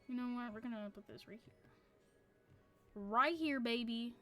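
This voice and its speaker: A woman's voice: a little high, normal speed, fairly bright tone, faint music behind. A woman streaming a game, chatting casually with a loose, profane, self-mocking manner. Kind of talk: casual live-stream chat.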